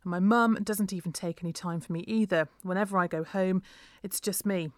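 A woman's voice: fairly low pitch, steady tone, brisk, dry recording, clean studio sound. A woman reading a first-person story aloud in an earnest, emotional way.

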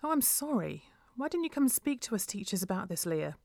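A woman's voice: medium pitch, big pitch swings, fairly quick, vocal fry, a little mellow, dry recording, clean studio sound. A woman reading a story aloud, voicing a concerned male schoolteacher.

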